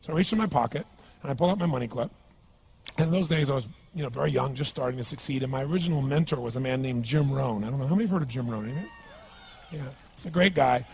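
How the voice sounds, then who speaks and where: A man's voice: mid-range voice, rapid-fire, vocal fry, darkish tone, a little hiss or hum. A man speaking as a motivational speaker at a live seminar, emphatic and punchy, often asking the audience questions.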